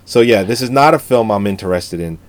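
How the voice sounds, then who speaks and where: A man riffing about films with a co-host, profane and playful. His voice sits low but swings widely in pitch as he tells stories. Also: fairly quick. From Italian-American family background. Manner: profane, joking, animated storytelling. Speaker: podcast co-host. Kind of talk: casual movie review chat.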